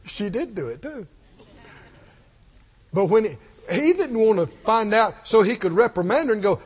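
A male preacher with a strikingly high voice that swings up and down. He preaches emphatically and keeps putting questions to the congregation. The recording sounds dull and lo-fi. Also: big pitch swings, moderate pace, breathy edge. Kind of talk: sermon.

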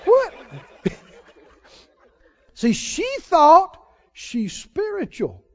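High-voiced, slow, animated man preaching. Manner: animated preaching, mimics wailing prayers. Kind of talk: sermon. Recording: muffled lo-fi sermon recording.

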